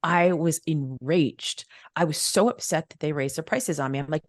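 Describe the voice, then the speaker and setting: A woman's voice: low voice, normal speed, dry recording. A middle-aged woman, a wealth mentor, telling a personal story as a podcast guest, emphatic and repetitive as she acts out the dialogue.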